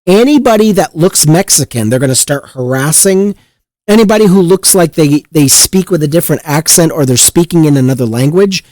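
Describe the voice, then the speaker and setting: A man hosts a political talk show and rants with heat and plenty of profanity. His voice swings widely in pitch and sits a bit high for a man. The sound is dry and close, with no room echo. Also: darkish tone. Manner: heated, profane, mocking voices. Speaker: political commentary host. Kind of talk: casual political commentary.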